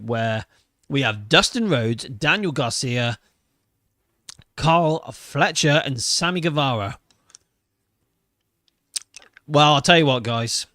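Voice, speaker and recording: A man's voice: mid-range voice, a bit bright, no room sound, studio quality. A man, hosting a casual wrestling podcast. He talks with enthusiasm and emotion and swears freely. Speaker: podcast host. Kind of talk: casual wrestling review chat.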